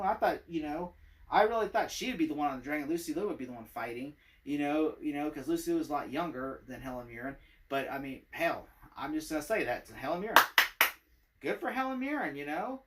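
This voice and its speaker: A man's voice: on the high side, recorded from a distance. A man giving a casual spoken movie review, rambling with many fillers and frequent laughter.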